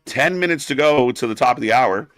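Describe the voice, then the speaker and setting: A man's voice: medium pitch, expressive, a little fast, a bit bright, dry recording. A man hosting a live wrestling watch-along stream, ranting bluntly and sarcastically, swearing often and getting heated.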